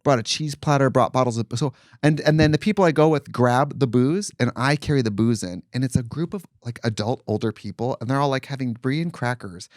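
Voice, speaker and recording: A man co-hosts a casual podcast, spinning a long anecdote with camp asides and quick character voices. His pitch sits mid-range for a man. The sound is dry and close, with no room around it. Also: no room sound. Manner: animated storyteller, quick voices for quoted people, camp asides. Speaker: podcast co-host. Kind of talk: casual storytelling chat.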